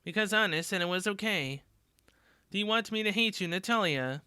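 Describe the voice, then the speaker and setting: A blunt, tough-talking teenage girl fighter, voiced by a woman in a story game reading. Her voice is bright and smooth, recorded close and dry. She swears casually and says things straight. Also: mid-range voice, expressive, moderate pace, no room sound.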